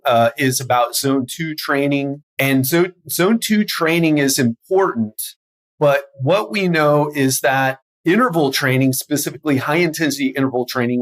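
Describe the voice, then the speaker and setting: A man's voice: on the high side, a bit bright. A man hosting a health podcast as a coach, talking energetically and stumbling over his words now and then. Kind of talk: solo podcast monologue.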